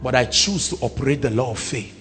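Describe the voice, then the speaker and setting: A man with a Nigerian accent preaching a sermon, moving between quiet talk and loud shouted declarations. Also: expressive, brisk, long reverb tail, soft background music. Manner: booming, swings from quiet to shouting.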